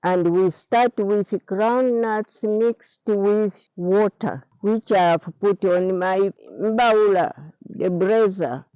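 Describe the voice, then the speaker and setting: Older Zambian woman, guest cook, slow and patient, dry muffled audio. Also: medium pitch, mellow, no room sound. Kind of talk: slow explanatory cooking talk. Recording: dull lo-fi home recording.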